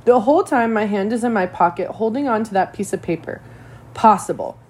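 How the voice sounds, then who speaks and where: A woman reading a children's novel aloud in a steady, measured way. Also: medium pitch. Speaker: reader.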